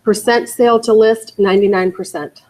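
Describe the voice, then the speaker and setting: A woman leading a real estate training class, emphatic and energetic, often checking in with "okay" and "you guys". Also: mid-range voice, moderate pace, rough recording. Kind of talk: training lecture to agents. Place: training room.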